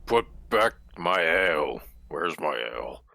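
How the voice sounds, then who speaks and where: A man voicing a hungover grown man craving ale in a tabletop role-play, with a gravelly drawl. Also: rumbling low, big pitch swings, takes it slowly, pushed and bright, heavily acted. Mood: gruff.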